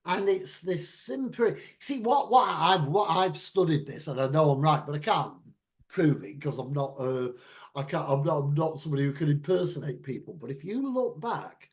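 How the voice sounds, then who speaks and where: A middle-aged man ranting about politics in casual chat, animated and at times shouting. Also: fairly high pitch, moderate pace.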